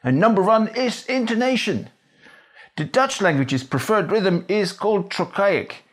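A man presenting a scripted, clear and didactic explainer video. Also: sits high, lively intonation, a little slow.

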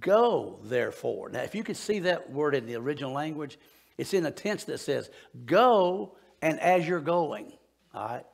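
A man preaching a sermon in a church, folksy and animated, bantering with the congregation. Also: medium pitch, brisk, vocal fry. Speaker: pastor. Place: church sanctuary.

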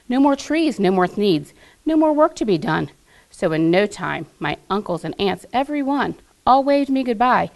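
Low-voiced woman reading a storybook. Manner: measured expressive storytelling. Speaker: school staff reader. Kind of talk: reading a children's book aloud.

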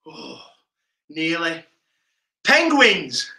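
A man leading a live online PE lesson for children, energetic and playful, calling out instructions. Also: sits high, unhurried. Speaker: PE coach. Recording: roomy echo.

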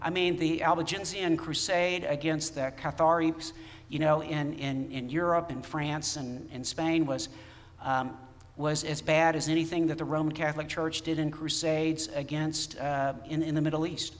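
A man's voice: fairly high pitch, fairly even intonation, moderate pace. A man, a pastor preaching a sermon in conversational storytelling style, recounting dialogue with restarts. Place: church sanctuary. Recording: church hall reverb.

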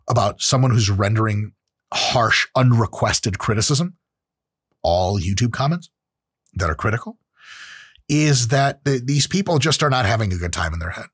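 A husky-voiced man in his late thirties speaks frankly and profanely to his audience as the host of his own show. His pitch swings widely as he talks, and the recording sounds close and dry. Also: lively intonation, moderate pace, dry recording. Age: late 30s. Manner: blunt and profane, with acted-out quotes. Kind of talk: casual solo monologue.

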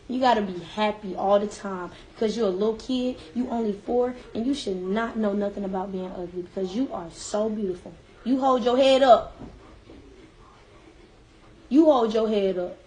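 High-voiced emotional encouraging woman. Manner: emotional, encouraging, near tears; lively, emphatic. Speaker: hairstylist. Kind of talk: casual live-stream talk.

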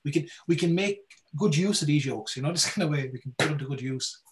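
Fast-talking man, lively folklorist. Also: on the high side, noisy background. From Ireland. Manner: animated, repeats words while thinking. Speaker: guest speaker, folklorist. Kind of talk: casual talk with questions.

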